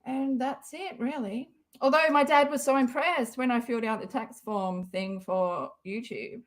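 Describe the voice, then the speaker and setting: A woman's voice: fairly high pitch, a little slow. A young adult woman, chatting casually on a livestream, rambling, swearing often and laughing a lot. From Western Australia. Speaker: livestream host.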